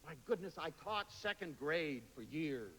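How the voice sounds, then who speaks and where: A man giving a lively lecture to an audience, telling stories and slipping into playful voices when he quotes people. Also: a little high, unhurried. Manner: animated storyteller, quotes others in playful voices. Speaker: public speaker. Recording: hall reverb, faint hiss.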